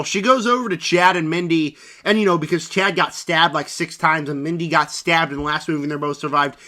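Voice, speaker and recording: A young man with a high, bright voice rants through a spoiler movie review. He is animated and sarcastic and keeps jumping into mocking voices for the characters.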